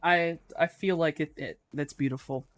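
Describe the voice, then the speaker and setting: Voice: mid-range voice, fairly even intonation, moderate pace, fairly bright tone, no echo, faint music behind. A game master narrating a live tabletop game in a casual, swearing, filler-heavy way.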